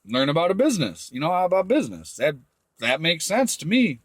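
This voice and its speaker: A man on a crude, swear-heavy rant, his pitch swinging up and down as he talks. The voice is fairly high for a man and sounds dry and close, with no room echo. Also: sing-song, fairly quick. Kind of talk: profane rant to camera.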